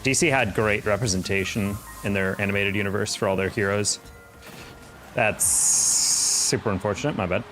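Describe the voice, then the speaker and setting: A man's voice: fairly low pitch, steady tone, normal speed, fairly bright tone, faint music behind. A young man chatting casually on a live game stream, rambling and reacting to chat while he plays.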